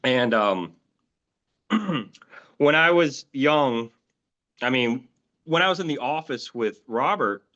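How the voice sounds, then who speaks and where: Male interview guest telling his own story; halting, filler-heavy delivery, average pitch, dull low-fidelity recording. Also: expressive, pushed and bright. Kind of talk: recounting personal experiences in an interview. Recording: dull lo-fi audio.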